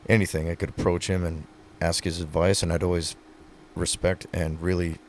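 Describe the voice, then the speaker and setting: A man's voice: sits low, little pitch movement, normal speed, slight background noise. A man, a retiring pro rodeo athlete, talking earnestly in a casual podcast conversation, telling stories with many fillers.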